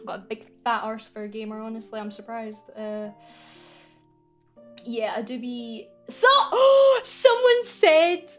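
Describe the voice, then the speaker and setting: A young Scottish woman streaming a casual, teasing Q&A with her chat, playful and quick to giggle. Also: on the high side, monotone, a bit bright, faint music behind. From Scotland. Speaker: VTuber streamer.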